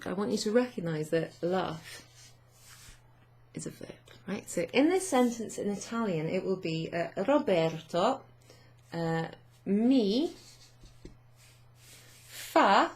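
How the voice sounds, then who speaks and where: Woman teacher, slow and unhurried, husky low voice, many fillers, patient grammar explanation. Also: darkish tone. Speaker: language teacher.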